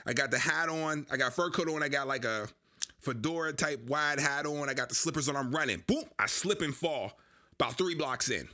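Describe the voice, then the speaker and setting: A man's voice: on the high side, brisk. A young man casually telling a long personal story, acting out what other people said to him. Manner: animated, acts out dialogue with others.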